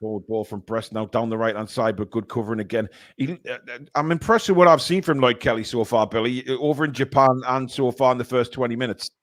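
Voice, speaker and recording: A man hosting a live fan broadcast of a football match. He talks through the action in an easy, mid-pitched voice. When a chance opens up he surges into excited shouts. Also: quick pace, few pauses. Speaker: host and match commentator.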